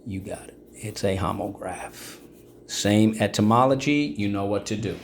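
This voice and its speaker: A man's voice: on the low side, moderate pace, vocal fry, slight background noise. A male teacher giving a vocabulary and phonics lesson, encouraging and checking in often with the class. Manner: encouraging, checks in with frequent "okay?".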